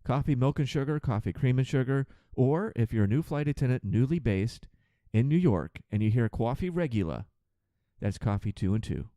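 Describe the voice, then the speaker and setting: A man hosting a podcast, ranting sarcastically and with profanity about his passengers as a flight attendant, acting out their lines in quick put-on voices. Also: medium pitch, dark tone, dry recording, muffled recording. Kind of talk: ranting monologue.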